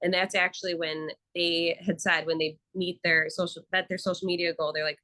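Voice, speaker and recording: A young woman with a low-set but bright, forceful voice chats as a therapist guest in an interview. She tells lively stories and acts out the people in them. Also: fairly quick, few pauses, low-quality recording. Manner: animated storytelling with acted quotes. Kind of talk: casual interview talk.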